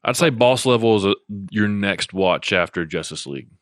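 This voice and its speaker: A young man co-hosting a podcast in casual chat, low-key and laid-back, often trailing off. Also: animated, moderate pace, no echo, studio quality. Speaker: podcast co-host.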